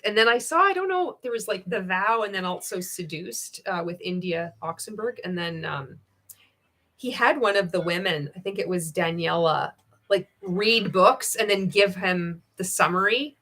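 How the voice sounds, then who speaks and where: A woman's voice: lowish voice, a bit bright. Sarcastic, swearing woman livestreamer. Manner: sarcastic, swears freely, laughs often. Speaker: livestream host. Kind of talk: casual livestream chat reading viewer comments.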